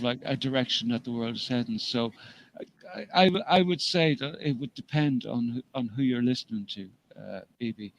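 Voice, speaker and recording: A man chatting casually on a live show, stumbling and hedging as he works through his thoughts. His voice sits in an ordinary middle range. A faint hiss runs under the recording. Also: mid-range voice. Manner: hesitant, restarts and hedging. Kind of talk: casual live-stream chat.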